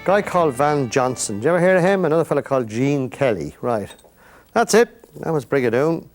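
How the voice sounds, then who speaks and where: A man's voice: mid-range voice, expressive, brisk, faint music behind. An older Irish man hosting a painting lesson, chatting to the viewer in rambling, folksy asides while he works. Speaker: painting instructor and host.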